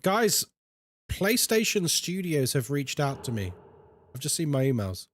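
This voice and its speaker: Lively man streaming a game. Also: fairly high pitch, unhurried, no echo. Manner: animated and chatty, reads chat aloud, jokey asides. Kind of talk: casual live-stream chat while gaming.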